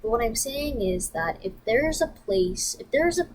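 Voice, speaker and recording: A woman vlogger telling a story in a profane, animated, emphatic rant. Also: a little high, unhurried, poor audio.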